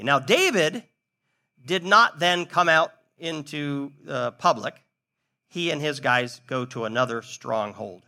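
Lively male pastor, bright-voiced, animated storyteller. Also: a little high, a little slow. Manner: animated storytelling with acted quotes. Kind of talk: sermon.

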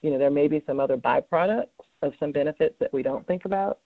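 A fast-talking cancer researcher with a fairly high, creaky voice answers interview questions in a heartfelt, earnest way, stumbling through fillers and restarts. The recording is dry and tinny, like a phone line.

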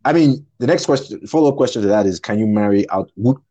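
A man interviewing a friend in a casual chat, asking questions in a relaxed, slangy way. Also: fairly low pitch, fast talker, highs cut off.

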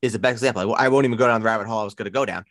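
A man with a Long Island accent hosting a casual sports chat, playful and animated. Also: racing, dry recording, studio quality. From Long Island, New York. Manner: animated, playful, jumps between high and low pitch. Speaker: podcast host.

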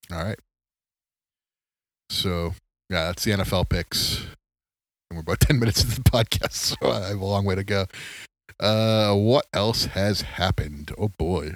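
A man's voice: deep voice, no room sound. A man hosting a solo podcast, chatting casually about sports late at night, rambling and self-mocking, tired and yawning. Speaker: podcast host.

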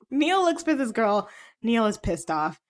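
A woman casually recapping a film, rambling with filler words and quick asides. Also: fairly high pitch, very animated. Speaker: co-host retelling a film. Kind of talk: casual chat.

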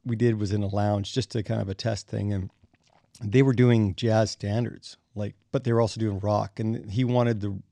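A middle-aged man, a bassist and podcast guest, telling animated stories, acting out quotes and chuckling as he goes. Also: moderate pace, gravelly, no echo. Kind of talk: anecdotal storytelling in conversation.

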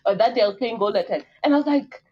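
A woman, a guest on a podcast, telling a story in casual chat, animated and laughing often as she acts out what people said. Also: a little high, very fast, slightly rough, muffled recording.

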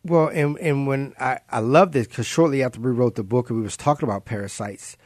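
A man's voice: mid-range voice, fairly quick, a little mellow, no room sound. Earnest man telling a story up close. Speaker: co-host. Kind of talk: casual faith-based podcast chat.

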